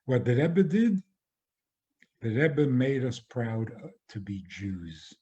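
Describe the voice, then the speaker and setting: A male rabbi lecturing at a very slow, deliberate pace. His tone is mellow and dark. He talks in a measured way and often circles back to repeat a phrase. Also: medium pitch, big pitch swings, lo-fi sound. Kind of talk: spoken lecture.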